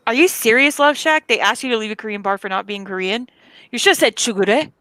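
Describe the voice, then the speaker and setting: A woman in casual chat, handing out tips and telling stories in an animated way. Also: fairly high pitch, quick pace, no echo. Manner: animated, tip-giving storyteller. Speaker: chat participant.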